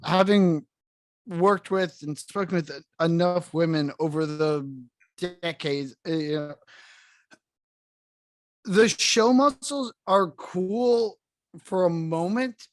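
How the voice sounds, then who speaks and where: A man's voice: on the high side, slow pace, pauses often. A man chatting as a podcast guest, making dry, teasing wisecracks. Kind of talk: casual chat.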